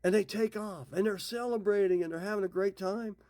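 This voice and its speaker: A middle-aged Bible teacher with a high, warm voice speaks fairly quickly. He retells scripture stories in his own words, in a folksy, casual manner.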